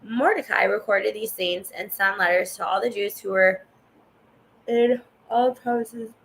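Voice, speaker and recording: A woman's voice: medium pitch, a little slow, gravelly, rough recording. A woman reading scripture aloud in a casual way, stumbling over hard names and stopping to cough. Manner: stumbles over names, chatty asides to the viewer. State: coughing and yawning. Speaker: Bible reader.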